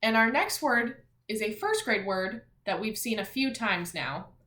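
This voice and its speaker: Slow, patient woman teaching young kids. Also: on the high side, expressive, pushed and bright, reverberant. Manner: slow, clear and encouraging, sounding out letters.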